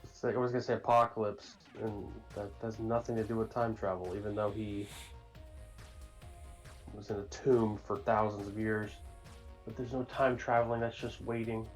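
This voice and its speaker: A man's voice: fairly low pitch, level tone, moderate pace, faint music behind. Hesitant young man guessing aloud. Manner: unsure, thinks aloud with fillers. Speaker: podcast co-host. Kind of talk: casual movie podcast chat.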